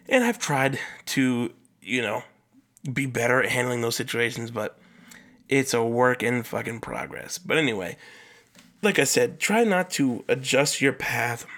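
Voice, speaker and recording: A man hosting a solo podcast, talking in a casual, rambling way with lots of fillers and swearing, and jumping up in pitch for emphasis. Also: normal speed. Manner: animated, jumps up in pitch for emphasis. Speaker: podcast host.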